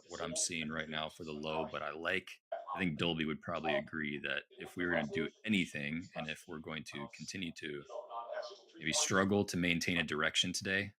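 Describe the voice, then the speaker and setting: A man with a very deep voice hosts a live trading stream, talking through price levels in a loose, conversational way with plenty of fillers. Voices murmur in the background of the livestream audio. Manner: conversational, asks co-host questions, many fillers. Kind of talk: casual live market commentary.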